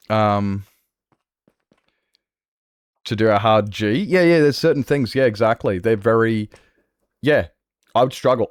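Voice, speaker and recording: A man's voice: mid-range voice, dry recording. Aussie guy streaming, rambly and swears a lot, voice jumps all over, dead dry sound. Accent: Australian. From Australia. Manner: animated, rambling, swears freely. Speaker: Minecraft streamer. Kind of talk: casual livestream chat.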